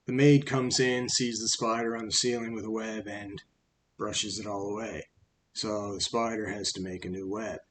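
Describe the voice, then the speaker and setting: A man's voice: lowish voice, slight background noise. A man casually retelling a fable in a rambling, conversational way with fillers. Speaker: storyteller.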